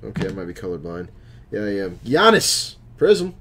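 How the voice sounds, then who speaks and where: A man's voice: lowish voice, sing-song, normal speed, a bit bright, slight background noise. A man hosting a live stream, opening packs of cards and chatting with viewers as he calls out each card.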